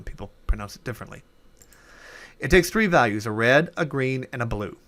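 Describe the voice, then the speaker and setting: A man teaches programming in a relaxed coding tutorial, working things out aloud with fillers and corrections to himself. His voice is mid-range with a fairly bright tone.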